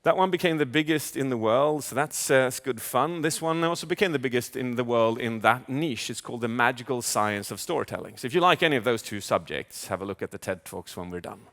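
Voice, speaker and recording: A man speaking as a communication coach in a live keynote, animated, asking the audience questions and acting out inner voices. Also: mid-range voice, a little fast, few pauses. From Sweden. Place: large event hall. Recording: long hall reverb.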